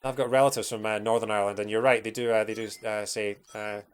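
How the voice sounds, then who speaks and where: A man's voice: fairly low pitch, level tone, fast, clear, resonant tone. A young man with a Scottish accent, chatting casually and rambling with plenty of fillers while he streams a game. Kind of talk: casual livestream chat while playing.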